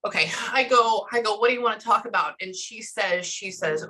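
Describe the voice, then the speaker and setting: Bright-voiced chatty woman. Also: mid-range voice, rough recording. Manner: chatty, relaying messages in quick bursts. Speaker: medium. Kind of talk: casual reading session with clients.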